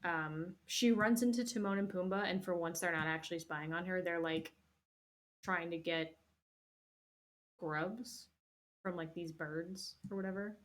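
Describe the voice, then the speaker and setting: A woman's voice: on the low side, unhurried, pauses often. A young woman hosting, recapping a movie casually in a rambling, profane way full of fillers. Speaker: host.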